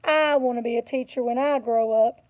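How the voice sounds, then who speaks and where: A woman voicing an excited little schoolgirl in a children's storybook reading, with eager, fierce whispers. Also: on the high side, moderate pace, natural voice. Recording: tinny phone-like audio.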